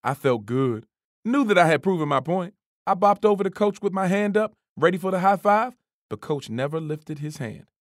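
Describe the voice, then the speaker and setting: A narrator reading a first-person story in a lively, expressive way. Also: mid-range voice, normal speed, no echo, studio quality.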